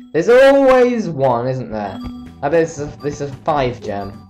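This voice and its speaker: A man's voice: mid-range voice, takes it slowly, a little mellow, faint music behind. A tired young man giving rambling, self-mocking commentary while playing a video game. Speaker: let's play commentator. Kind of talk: casual gameplay commentary.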